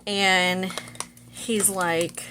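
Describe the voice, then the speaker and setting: A woman's voice: medium pitch, flat delivery, extremely slow, noisy background. A young woman vlogger casually retelling a movie plot, chatty and full of fillers.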